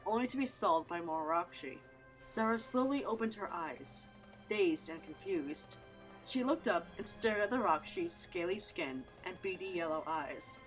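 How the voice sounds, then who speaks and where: A woman narrating a story in an even, descriptive reading. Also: medium pitch, poor audio.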